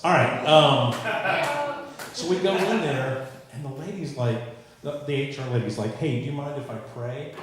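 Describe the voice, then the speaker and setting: A man in his forties doing a stand-up comedy set, with a dry, self-mocking delivery and dark punchlines. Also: mid-range voice, slight background noise. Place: comedy stage before a live audience. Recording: very echoey live room.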